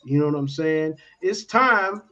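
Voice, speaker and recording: A radio talk show host runs a casual morning show, laid-back and repeating catchphrases like "you know what I'm saying". His voice is on the high side, animated, unhurried and sharp in tone, with dull lo-fi stream audio.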